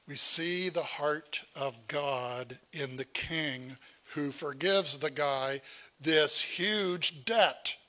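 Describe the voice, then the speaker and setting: A man's voice: a little high, extremely slow, bright, forceful tone. A middle-aged man preaching a sermon as pastor, folksy and conversational, with asides to the congregation.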